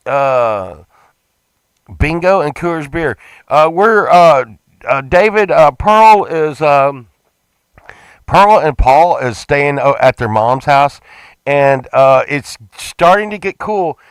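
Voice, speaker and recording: A man's voice: a little high, lively intonation, slow, clean tone, no echo. A man talking in a casual, rambling vlog, stumbling over his words and repeating himself. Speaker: vlogger.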